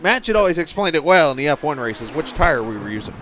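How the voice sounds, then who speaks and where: A man's voice: fairly high pitch, sing-song, fast talker, fairly bright tone. A man doing play-by-play for an online sim race, talking in a loose, chatty way and cracking jokes between updates. A faint hiss sits under his voice. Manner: chatty, filler-heavy, joking. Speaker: play-by-play commentator. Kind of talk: sim racing commentary.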